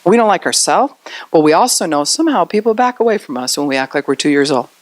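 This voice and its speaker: A woman pastor preaches in a chatty, conversational way, slipping into little acted-out voices for the people she describes. Her voice sits on the lower side and swoops with plenty of animation. The sound is dry and close, with no room around it. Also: big pitch swings, quick pace, dry recording. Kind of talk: sermon.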